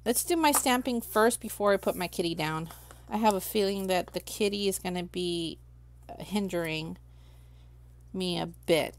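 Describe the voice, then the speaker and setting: A woman's voice: lowish voice, moderate pace. A woman hosting a crafting livestream, chatting casually with viewers and thinking aloud while she works. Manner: chatty, talks to herself while working, reads chat aloud.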